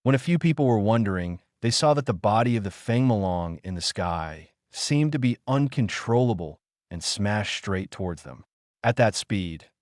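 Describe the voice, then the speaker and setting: A man's voice: on the low side, a little mellow, no echo, studio quality. A man narrating an audiobook novel, reading every character in the same voice. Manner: reads all characters in one voice with few changes. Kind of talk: scripted narration.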